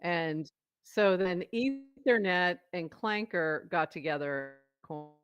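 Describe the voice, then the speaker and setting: A woman co-hosting a casual chat, giving quick upbeat recaps with laughter. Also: lowish voice, lively intonation. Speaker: co-host. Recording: dull dry home mic.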